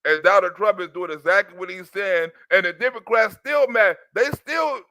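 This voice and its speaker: A man's voice: high-pitched, normal speed, dry recording. Man with a slightly sore voice, ranting. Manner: animated, loose and talkative, with crude asides. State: slightly sore voice after a cough. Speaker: channel host. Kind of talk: casual political rant to viewers.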